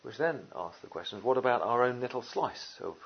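A man preaching a sermon, lively and conversational, with jokey asides and many fillers. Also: mid-range voice, a little fast, creaky, husky, highs cut off. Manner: animated, jokey asides, frequent "uh" and "you know".

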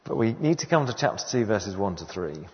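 A man's voice: on the low side, very animated, brisk. Guy preaching in a church, earnest and emphatic, voice rises and falls a lot, long hall echo, kinda dull sound. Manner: earnest, emphatic, repeats key phrases. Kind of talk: sermon.

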